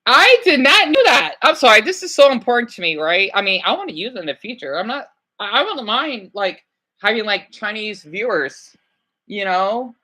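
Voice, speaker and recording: A woman with a bright, clear, fairly high voice talks casually while reacting to clips. She is chatty and a little hesitant, often stopping to apologize or restart a sentence. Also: big pitch swings, moderate pace. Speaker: streamer reacting to videos.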